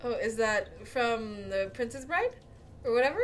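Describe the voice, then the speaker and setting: A woman's voice: fairly high pitch, animated, normal speed, a bit bright, a little hiss or hum. A young woman co-hosting a casual podcast, rambling with lots of fillers and giggles. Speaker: podcast co-host. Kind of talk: casual chat.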